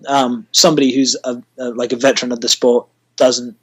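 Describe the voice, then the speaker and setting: A man's voice: mid-range voice, flat delivery, fairly quick, fairly bright tone, slight background noise. A British man being interviewed as a wrestler, telling stories in a rambling, casual way full of fillers. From Britain.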